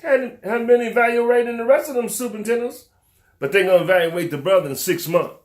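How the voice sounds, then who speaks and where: An older man giving fiery, preacher-like commentary, drawing out words for emphasis and slipping into rough vernacular. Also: high-pitched. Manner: preacher-like cadence, drawn-out emphasis, repetition. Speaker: talk show host. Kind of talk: impassioned commentary to camera.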